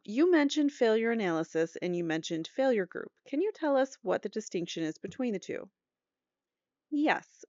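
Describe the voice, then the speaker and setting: A woman's voice: mid-range voice, darkish tone, smooth, no room sound, lo-fi sound. A woman host reading aloud from a trial transcript, breaking off often with casual joking comments. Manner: reads both sides of testimony aloud, breaks off with joking asides and laughs.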